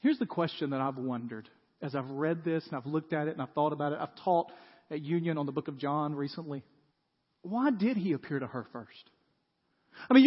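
A male pastor giving a conversational sermon, often asking the audience rhetorical questions. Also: high-pitched. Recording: dull sound with long hall reverb.

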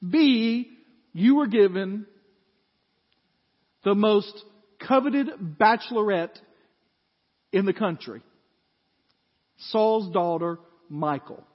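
A man preaching a sermon, telling a story with animated acted-out voices and frequent laughs. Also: high voice, slow, pauses often. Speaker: pastor. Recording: dull lo-fi audio with long hall reverb.

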